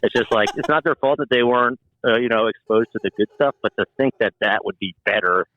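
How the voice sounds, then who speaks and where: A man from New Jersey and New York City, a guest musician telling animated stories in casual chat and swearing freely. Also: medium pitch, fast talker, no room sound, phone-quality sound. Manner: animated storyteller, acts out quoted voices, swears freely.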